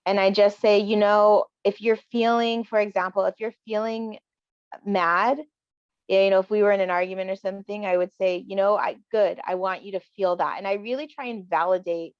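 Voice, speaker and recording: Woman guest chatting openly, mid pitch, kinda muffled dry audio. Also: fairly even intonation, moderate pace, dry recording. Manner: candid, reflective, acts out quoted lines. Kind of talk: casual chat. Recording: dull dry lo-fi sound.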